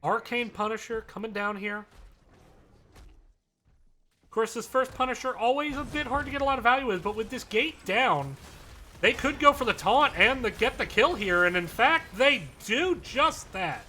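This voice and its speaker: Male esports caster calling a live match; high, bright and brisk, with chatty asides. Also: expressive, a little hiss or hum. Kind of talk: live play-by-play commentary.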